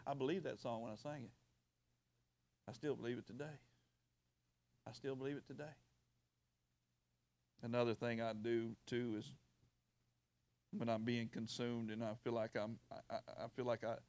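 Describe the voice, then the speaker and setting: A pastor delivers a sermon in a mid-range voice, folksy and plain-spoken, working his way up to loud, shouted bursts.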